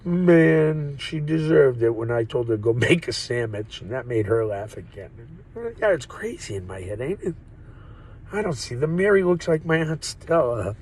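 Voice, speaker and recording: Gravelly rambling New man. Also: fairly high pitch, poor audio. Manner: profane, joking, wanders off topic. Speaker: vlogger. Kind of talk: rambling casual monologue. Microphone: phone or camera mic.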